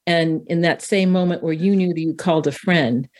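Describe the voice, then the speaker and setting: A woman hosts an interview and asks her questions gently and encouragingly. Her voice is fairly low for a woman. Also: normal speed.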